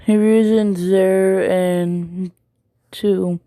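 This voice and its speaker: A woman's voice: medium pitch, steady tone, extremely slow, mellow, clean tone, no echo. A woman casually retelling a fan story, rambling with many ums and likes.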